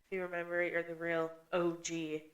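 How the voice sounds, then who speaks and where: A woman's voice: lowish voice, completely flat delivery, brisk. A woman from the US Midwest co-hosting a podcast, playful and jokey, with theatrical intros and banter. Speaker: podcast co-host. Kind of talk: casual podcast chat.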